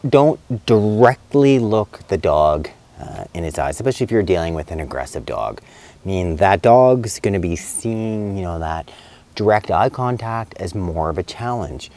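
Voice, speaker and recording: Middle-aged male vet, low voice, loose and chatty with many fillers and restarts. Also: expressive, moderate pace, warm tone. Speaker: veterinarian. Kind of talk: casual spoken advice video.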